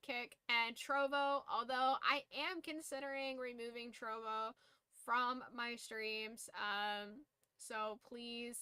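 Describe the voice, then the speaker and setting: A woman's voice: on the high side, bright, forceful tone, smooth, no room sound. A tired woman streamer chatting casually late at night, rambling loosely and swearing now and then.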